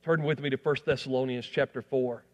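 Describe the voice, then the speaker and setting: Brief: man delivering a sermon in a reverberant church, rising emphasis then soft asides. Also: medium pitch, fairly even intonation, a little fast. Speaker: pastor.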